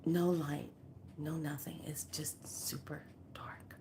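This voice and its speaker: A woman's voice: low-pitched, flat delivery, takes it slowly, mellow, in a whisper. A woman hosting a casual spiritual talk, telling a family story animatedly and laughing often. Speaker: spiritual teacher and host.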